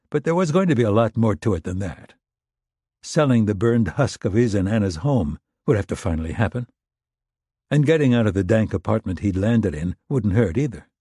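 A man reading a thriller audiobook in a steady, understated way. His voice is low and mellow with a husky edge, recorded close and dry with no room sound. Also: no echo. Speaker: audiobook narrator. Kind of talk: scripted thriller narration.

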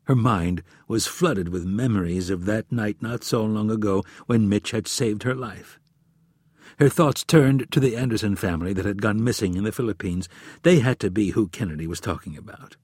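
Guy reading a thriller audiobook, husky and kinda low, super dry close sound. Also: normal speed, a little mellow, dry recording. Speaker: audiobook narrator. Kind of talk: scripted narration.

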